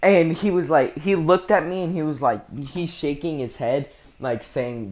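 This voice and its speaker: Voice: mid-range voice, a little slow, hardly any pauses, a little mellow. A young speaker telling a casual storytime, rambling with slang and frequent laughter. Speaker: storyteller vlogger.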